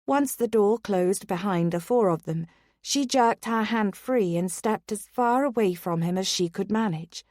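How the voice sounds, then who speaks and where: A woman narrating a romance audiobook in a steady, unhurried reading voice on a close studio mic. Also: medium pitch, dry recording.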